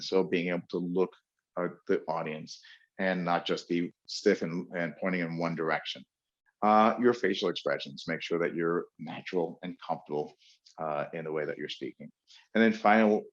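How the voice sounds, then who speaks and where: A man from New York giving a webinar lecture on public speaking, with frequent fillers and emphatic pauses, over dull lo-fi audio. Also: low-pitched. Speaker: webinar presenter.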